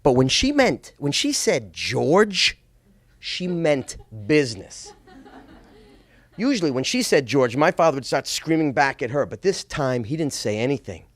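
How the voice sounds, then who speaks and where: A middle-aged man from Boston telling a personal story on stage, expressive with small stammers. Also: on the high side, measured pace, no room sound.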